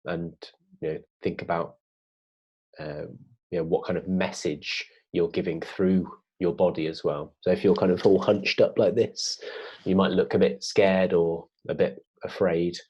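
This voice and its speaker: A man co-presenting a children's writing lesson in a relaxed, encouraging way, with hesitations. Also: low voice, measured pace, husky, dull audio. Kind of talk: classroom lesson video.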